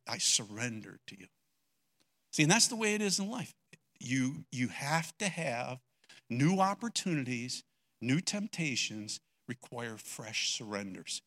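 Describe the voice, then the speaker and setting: An older man preaching a sermon, telling a personal story with strong emotion, dropping to a hush and then rising loud. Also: medium pitch. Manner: emotional storytelling, swinging between hushed and loud. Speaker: pastor.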